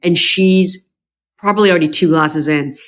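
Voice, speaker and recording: A woman's voice: on the low side, normal speed. A woman being interviewed as a podcast guest, telling a personal story frankly and emotionally, with many restarts, and acting out what her family members said in a raised voice. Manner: animated, acts out quoted family members with a lifted voice.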